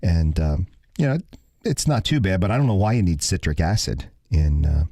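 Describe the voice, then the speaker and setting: A man's voice: low voice, very animated, moderate pace, mellow, dry recording, clean studio sound. A man hosting a radio talk show, chatting casually and explaining the ingredients he reads out.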